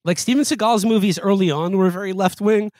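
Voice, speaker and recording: A man's voice: high-pitched, fairly quick, a little mellow, no room sound. A man co-hosting a podcast in casual comedic chat, rambling and wry, often trailing off and restarting. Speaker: podcast co-host.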